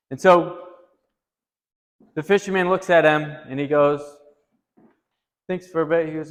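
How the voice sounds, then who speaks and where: A man leading a group talk at a retreat, telling a story in an animated way and lifting his voice when he quotes someone. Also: fairly quick, long pauses, long reverb tail. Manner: animated, rising pitch when quoting. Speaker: retreat discussion leader. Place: retreat meeting room.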